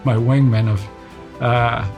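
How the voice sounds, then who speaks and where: Older guy, retired navy pilot, telling a combat story slow with lots of uh's, bit of music under it. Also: mid-range voice, creaky, lo-fi sound. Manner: relaxed storytelling with frequent fillers. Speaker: retired naval aviator. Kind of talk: recounting a combat mission.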